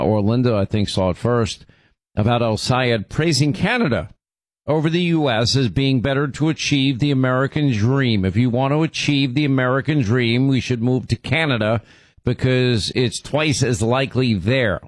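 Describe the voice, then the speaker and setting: A man's voice: mid-range voice, no echo. Sarcastic male commentary host, dry sound. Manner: sarcastic, conversational. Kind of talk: political commentary.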